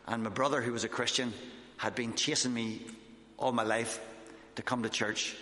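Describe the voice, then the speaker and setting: A man's voice: medium pitch, level tone, moderate pace, sharp tone. Guy preaching casual, lots of uhs and restarts, big echoey hall with long reverb. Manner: conversational, with fillers and restarts. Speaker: missionary preacher. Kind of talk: informal sermon testimony.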